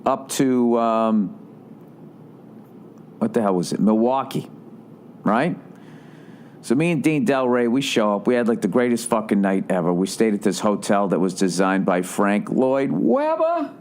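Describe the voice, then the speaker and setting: A man's voice: medium pitch, darkish tone, a little hiss or hum. A man hosting a podcast, telling a story in an exasperated, sarcastic rant full of swearing. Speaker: podcast host. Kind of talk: profane ranting storytelling.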